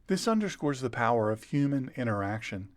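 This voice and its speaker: An older man preaching in an earnest, conversational way, often repeating a word or phrase for emphasis. His voice sits in a middle pitch range and is recorded close, with a dry, roomless sound. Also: big pitch swings, brisk, no room sound. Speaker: pastor and show host. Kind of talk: conversational sermon.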